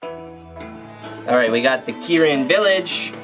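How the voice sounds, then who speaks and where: Man, reaction commentary, rambling, fairly high voice, faint music behind. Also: lively intonation, slow pace. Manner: rambling, hesitant, enthusiastic. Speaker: reaction video host.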